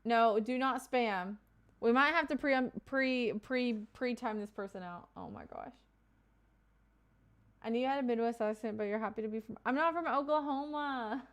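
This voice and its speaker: A woman's voice: a little high, moderate pace. A woman from Kentucky streaming live, chatting casually with her viewers and reading out their comments with loose asides and fillers.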